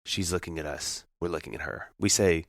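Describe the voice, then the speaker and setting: A man co-hosting a podcast, telling stories in a casual chat with an animated delivery and lots of restarts. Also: sits low, fairly quick, creaky, no echo, studio quality. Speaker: podcast co-host.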